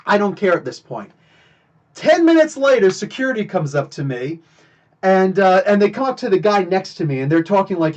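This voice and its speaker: A married man hosting a live podcast, telling a confrontation story in an animated, emphatic way. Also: high voice, normal speed, muffled recording. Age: adult, married. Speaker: podcast host. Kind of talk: casual storytelling on a live stream.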